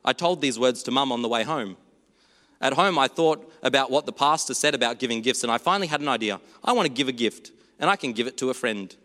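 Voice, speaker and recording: A man preaching a sermon in a church, earnest and storytelling, moving between hushed and animated delivery. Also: medium pitch, fast talker, long reverb tail.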